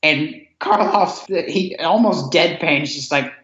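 Slow and a little high, with a fairly bright tone, a male podcast guest rambles eagerly about old films, restarting his thoughts as he goes. It's casual chat in roomy, dull lo-fi audio.

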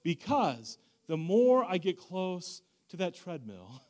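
A man preaching a sermon as a pastor, swinging from loud emphasis to hushed asides in a conversational, self-deprecating way. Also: high voice, very animated, slow pace.

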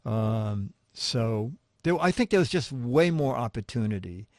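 Older man telling lively anecdotes. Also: medium pitch, measured pace, dry recording, studio quality. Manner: animated, acts out the people in his stories. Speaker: interview guest, magazine humor writer. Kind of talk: anecdotal storytelling in conversation.

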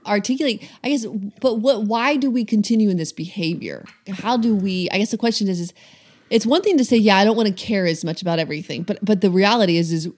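A woman's voice: mid-range voice, fast talker, darkish tone. A woman co-hosting a casual podcast chat, thinking aloud with hesitant restarts about parenting.

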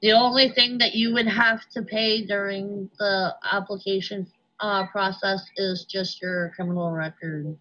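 A woman's voice: mid-range voice, fairly even intonation, measured pace, fairly bright tone, muffled recording. A woman from New Hampshire co-hosting a podcast, talking frankly and swearing casually. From New Hampshire, USA. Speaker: podcast co-host.

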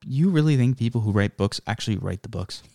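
A man's voice: medium pitch, animated, fast talker, creaky, dark tone, no room sound, studio quality. A young adult man co-hosting a podcast in casual, rambling chat, often cutting himself off mid-sentence. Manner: rambling, self-interrupting. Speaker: podcast co-host.

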